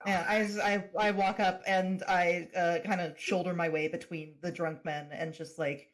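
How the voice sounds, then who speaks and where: A player in a tabletop role-playing game, making playful, quick quips. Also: medium pitch, level tone. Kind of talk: casual tabletop game play.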